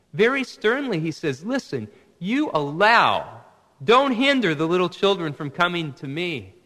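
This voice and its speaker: Earnest pastor preaching in a reverberant hall. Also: male voice, on the high side, a bit bright. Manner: earnest, building to emphatic exhortation. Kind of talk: sermon. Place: church sanctuary.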